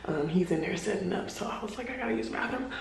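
A woman's voice: mid-range voice, lively intonation, fast. A woman in her twenties chatting casually and playfully as a vlogger, laughing often. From United States. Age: 20s. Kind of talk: casual vlog chat. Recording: roomy with clear background noise.

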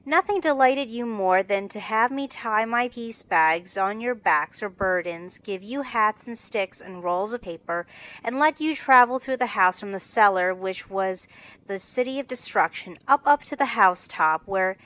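Woman doing cheery storybook mother, gentle, steady, encouraging. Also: medium pitch, moderate pace, no echo, lightly acted, poor audio. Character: warm, cheery mother of four girls.

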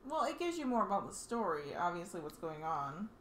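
A woman's voice: on the low side, very animated, brisk, slight background noise. A woman co-hosting a gameplay video, chatty and enthusiastic about the game, often exasperated by her partner's jokes. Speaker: let's play co-host. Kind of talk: casual gameplay chat. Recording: roomy echo.

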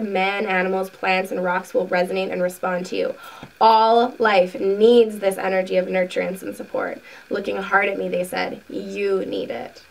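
A woman hosting a spiritual video, reading a book passage aloud slowly and earnestly, then talking casually to her viewers. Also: medium pitch, creaky, recorded from a distance, low-quality recording. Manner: slow, soft, earnest reading with asides.

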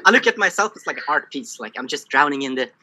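A man's voice: on the high side, expressive, fast talker, very noisy. A man in a casual podcast discussion who rambles and fills his talk with "like" and restarts.

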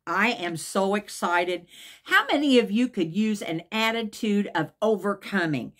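A woman's voice: mid-range voice, expressive, measured pace. A woman preaching an enthusiastic devotional sermon, emphatic and repeating her key phrases.

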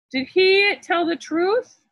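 A woman's voice: very high voice, a bit bright, no echo. A woman pastor reading a picture book aloud in church and asking the children questions.

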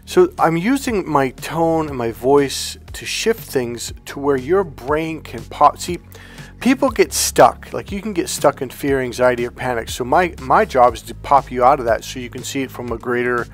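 A man hosting his own channel as a self-help coach, talking to camera in a relaxed, rambling way that keeps checking in with "okay?". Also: mid-range voice, moderate pace, faint music behind. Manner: rambling and conversational, with restarts and "okay?" check-ins; calm, relaxed, comfortable delivery. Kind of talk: casual direct-to-camera talk.

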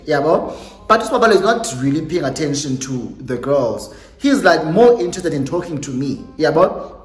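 A young South African woman telling a storytime on her vlog in a lively way, slipping Xhosa phrases into her English. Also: sits low. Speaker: YouTuber. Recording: echoey room with faint music.

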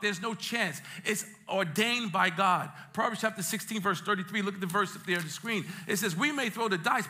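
A male pastor from Brooklyn, preaching a sermon in a church with lively jokes and streetwise asides. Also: high voice. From Brooklyn, New York. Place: church sanctuary.

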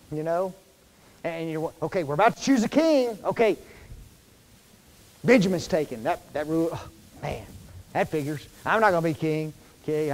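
A man preaching a sermon to his congregation in a folksy, conversational way, often pausing to quiz them with fill-in questions. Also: a little high. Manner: folksy, informal wording. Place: church sanctuary. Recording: long reverb of a church hall.

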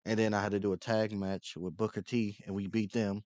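A man's voice: fairly low pitch, flat delivery, brisk, a little mellow, no echo, dull audio. A young man commentating his own gameplay, angry and frustrated, swearing constantly. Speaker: gaming channel host.

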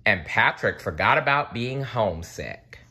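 Deep-voiced man reading a kids' book. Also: measured pace, husky. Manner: expressive, occasional slips and self-corrections. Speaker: storybook reader. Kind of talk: children's book read-aloud.

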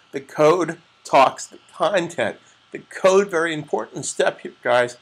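Gravelly-voiced man teaching web design. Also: medium pitch, a bit bright. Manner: repeats and restates terms, addresses viewers as guys. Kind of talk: screencast tutorial.

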